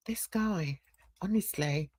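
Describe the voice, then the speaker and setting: A woman's voice: lowish voice, slow pace, a little mellow. A woman hosting a drama commentary show, giving emphatic, scornful opinions. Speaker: host.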